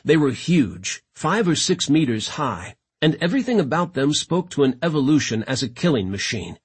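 A man narrating a science fiction audiobook in a dramatic, expressive reading style. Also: on the high side, normal speed, slightly rough.

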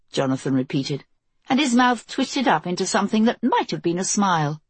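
A woman narrating an audiobook in a measured, intense storytelling manner. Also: medium pitch, big pitch swings, husky, no echo. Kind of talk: scripted narration.

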